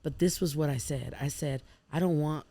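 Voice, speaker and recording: A woman with a gravelly, creaky voice tells her story as a podcast guest in a loose, conversational way. She slips into the voices of the people she quotes and the prayers she said, keeping the telling lively and personal. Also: deep voice, normal speed. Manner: animated, acts out quoted people with slang and prayer. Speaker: podcast guest, food truck owner.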